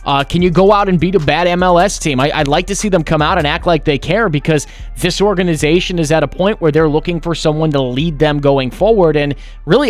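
A man co-hosting a sports talk radio show, giving emphatic, opinionated takes and complaints. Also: on the high side.

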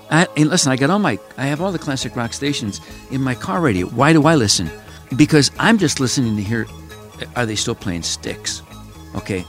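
A man in his seventies from Chicago, hosting a podcast and talking in a rambling, emphatic way straight to the listeners. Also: mid-range voice. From Chicago, United States. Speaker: podcast host. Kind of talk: casual reflective monologue.

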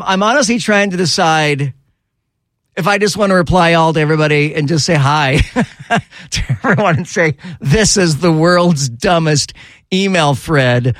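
A male radio host chats casually in a studio, his voice sitting a little high. He turns animated and exasperated, jumping way up in pitch when something annoys him. The sound is close and dry. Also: dry recording. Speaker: radio talk show host. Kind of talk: casual talk radio banter.

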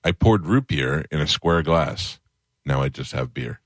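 A man's voice: animated, measured pace, no room sound. A man hosting a radio show, trading jokes in casual studio banter and breaking into giggles. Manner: laughing, swooping into high giggles.

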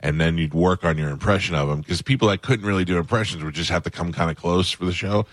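A man's voice: low voice, quick pace, no echo. A man hosting a radio show, chatting casually and enthusiastically with his guest. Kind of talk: casual interview chat.

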